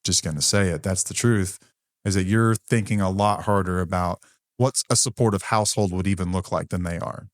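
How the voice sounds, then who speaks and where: A man's voice: low voice, steady tone, a little fast, no room sound, clean studio sound. A man co-hosting a podcast who talks in a candid, blunt, conversational way with some mild swearing. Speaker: podcast co-host.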